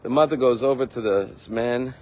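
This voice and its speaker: A man's voice: mid-range voice, brisk, a little mellow, poor audio. Earnest male rabbi telling a sermon story. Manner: earnest, emphatic, acts out quotes.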